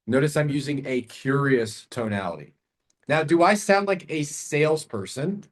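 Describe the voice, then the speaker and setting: A man's voice: a little high, expressive, moderate pace. A man teaching a live online sales training, talking casually and straight to his audience, often ending points with "right?" or "okay?". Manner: conversational, repeats tag questions, addresses the audience directly. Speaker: sales coach.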